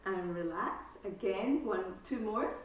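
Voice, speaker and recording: A woman exercise instructor calmly guiding a seated breathing class, with slow breath cues and counting. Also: medium pitch, slight background noise. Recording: echoey room, voice from far off.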